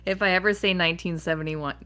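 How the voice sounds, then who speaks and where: A woman hosting a podcast who recounts history in a relaxed, chatty way. She corrects her own slips and jokes about them as she goes. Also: fairly low pitch, fast talker. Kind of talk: casual history storytelling.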